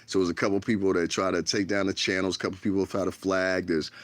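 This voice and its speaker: A man from the United States with a low voice talks in a loose, rambling livestream rant from his bedroom. He is frank and profane, recorded on a tablet. The sound is dry with no room echo. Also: little pitch movement, fast, a bit bright. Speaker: livestream host.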